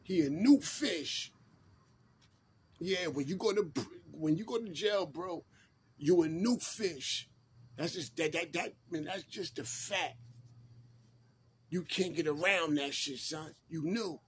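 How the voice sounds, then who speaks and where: A man's voice: on the high side, slow, long pauses, a little hiss or hum. A man, casually telling a prison story in laid-back street slang and repeating himself.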